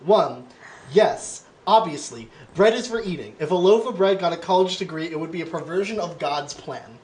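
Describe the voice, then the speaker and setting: Guy hosting a goofy podcast, reading quiz questions out loud, playful. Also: high-pitched, animated, normal speed. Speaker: podcast host. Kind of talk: casual comedic chat.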